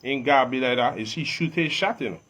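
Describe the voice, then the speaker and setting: Quick-paced and husky, this Virgin Islands man has a medium-pitched, slightly bright voice in an ordinary male range. As a guest artist in a relaxed interview chat, he carries himself with emphatic street swagger.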